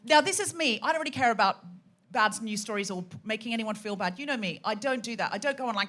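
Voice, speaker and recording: Brief: woman comic host, bright higher voice with a very animated pitch, teasing chatty crowd work on stage. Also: quick pace. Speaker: comedy podcast host. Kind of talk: live stand-up hosting to an audience. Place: hot theatre stage with a live audience.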